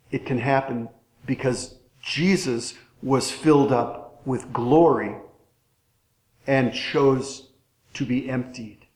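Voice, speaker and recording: A man preaching a sermon as pastor, earnest and unhurried with dramatic pauses. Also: fairly high pitch, echoey room, poor audio.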